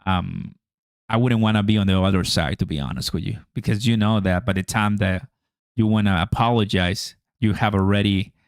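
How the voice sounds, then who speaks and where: A man's voice: on the low side, moderate pace, clear, resonant tone, no room sound, studio quality. A man hosting a crypto livestream, chatting casually to viewers in a slangy way and laughing often.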